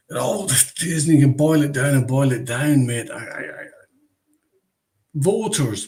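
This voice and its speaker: A man's voice: on the high side, dark tone. A man hosting a casual livestream chat over a video call, ranting with heavy swearing. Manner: profane, ranting. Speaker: livestream host.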